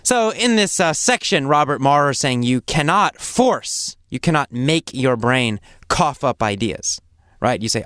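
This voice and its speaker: A man teaching English vocabulary, explaining words slowly and patiently, repeating phrases and acting out examples. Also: medium pitch, animated, a bit bright, no room sound, clean studio sound. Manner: acts out coughs and sample phrases.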